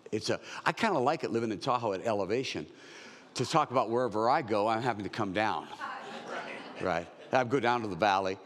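A man's voice: lowish voice, animated, a little fast, long reverb tail, a crowd in the background. A man in his sixties preaching a verse-by-verse sermon in a conversational, joking way. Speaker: pastor.

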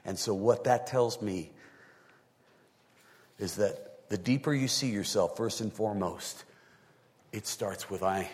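A male pastor delivering a sermon, talking through scripture and often rising into high, emphatic bursts. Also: slow, pauses often, long reverb tail.

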